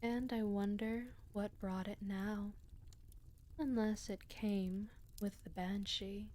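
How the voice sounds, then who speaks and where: A woman voicing a superstitious old peasant crone in a storybook reading, speaking softly and often half-whispered. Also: medium pitch, fairly even intonation, takes it slowly, close to an everyday voice. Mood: solemn.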